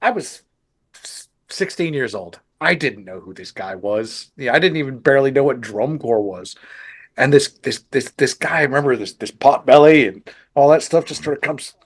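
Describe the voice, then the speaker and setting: A man's voice: mid-range voice, animated, moderate pace, breathy edge. A male podcast host chatting casually in an interview. He tells long stories in a rambling way, circling back and restarting his sentences as he goes. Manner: rambling, self-correcting storyteller.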